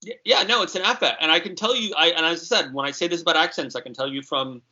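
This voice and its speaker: A talkative, animated man from New York in a casual podcast conversation. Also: a little high, fast talker, dull audio. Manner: animated, talkative, chuckles often.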